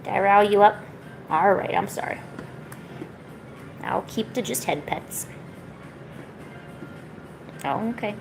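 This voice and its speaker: A sick woman streaming her drawing, chatting softly to her pets and cooing at them. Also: mid-range voice, takes it slowly, gravelly, long pauses, poor audio. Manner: soft, cooing pet talk. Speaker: art streamer. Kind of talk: casual chat to her pets while drawing. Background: faint music.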